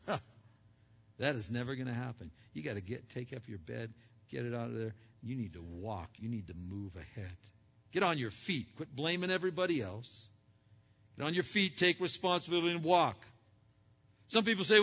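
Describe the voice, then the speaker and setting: A male preacher delivering an emphatic sermon, swinging from loud exhortation to hushed asides. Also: fairly high pitch, animated, moderate pace. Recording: dull sound with long hall reverb.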